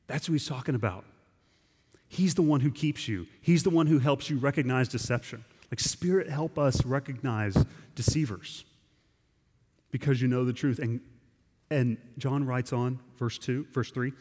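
Man, pastor, mid-pitched, conversational and emphatic sermon delivery, reverberant church hall. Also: moderate pace, a little mellow. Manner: conversational, emphatic preaching with frequent restarts. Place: church sanctuary.

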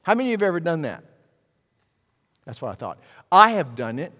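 A pastor preaches in a fairly high voice, talking to his congregation in a conversational way. Quiet asides turn into loud bursts. His words carry a long reverb through a large church sanctuary. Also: big pitch swings, brisk. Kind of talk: sermon.

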